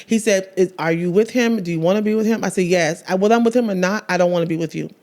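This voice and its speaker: A woman's voice: on the low side, fast talker, a little mellow. A woman guest telling an emotional personal story in an interview, earnestly acting out the conversations she recounts. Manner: emotional, earnest storytelling, acts out quoted dialogue.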